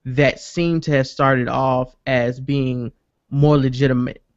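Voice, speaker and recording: A man with a mid-range voice takes his time telling a spirited story on a casual podcast he hosts, swearing a lot and acting out quotes. The recording is dry and muffled.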